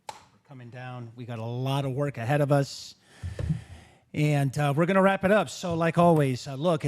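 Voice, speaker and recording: Man, mid-pitched voice, casual podcast host, easygoing. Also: a little mellow. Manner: casual, friendly, says "man" and "bro".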